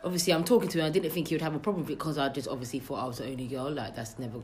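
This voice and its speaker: A young woman, telling a story in casual chat, animated and gossipy, full of slang. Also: extremely low pitch, racing.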